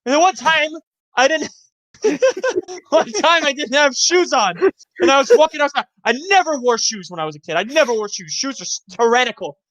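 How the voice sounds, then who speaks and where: A young man in his twenties, co-hosting a casual podcast, rambling through profane childhood stories with animated yelps and laughter. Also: very high voice, normal speed, no echo. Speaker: podcast co-host. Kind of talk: casual chat, storytelling.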